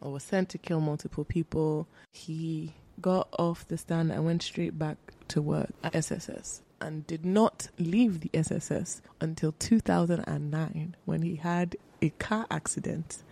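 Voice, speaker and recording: Low gravelly woman podcaster. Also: a little slow, hardly any pauses, dark tone. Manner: playful quiz-giving storyteller. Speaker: podcast co-host. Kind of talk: casual chat.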